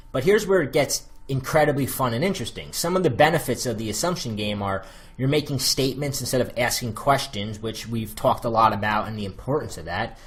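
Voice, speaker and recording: A man with an American accent talks through dating advice in a relaxed, rambling way. His voice is husky and a little breathy, sitting at an ordinary male pitch. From United States. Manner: loose and chatty, many fillers. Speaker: dating coach. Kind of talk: casual spoken advice monologue.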